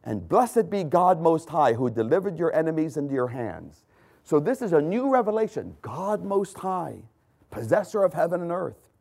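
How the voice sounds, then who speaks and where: A man preaching a sermon, swinging from loud emphatic lines to hushed ones and pausing to correct his own slips. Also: on the high side, sing-song. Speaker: pastor.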